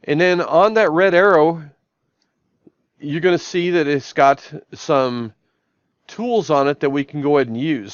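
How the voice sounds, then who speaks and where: This live-stream product demo features a man teaching a shop tablet app from his office, narrating each action in turn and prefacing every one with "I'm gonna." He has a fairly high voice, captured in dull audio without any room sound.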